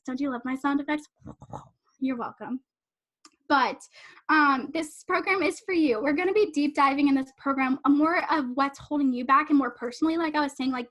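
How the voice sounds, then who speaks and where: A young adult woman with a bright, high voice hosts a live online coaching session. She talks in a quick, rambling, bubbly rush, gushing at her listeners. Her voice comes through a computer microphone on a video call. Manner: fast, rambling, bubbly and effusive. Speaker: life coach hosting a live online summit. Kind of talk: casual live-stream talk to attendees.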